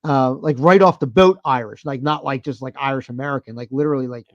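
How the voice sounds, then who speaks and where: A man in his thirties, a podcast co-host, telling a story in a profane, animated, casual way. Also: mid-range voice, fast talker, no echo, highs cut off.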